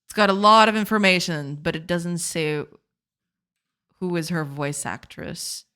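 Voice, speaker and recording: A woman's voice: on the low side, a little slow, pushed and bright, clear, resonant tone. A woman whose first language is Portuguese, chatting casually on a game dev live stream, giggling and answering chat.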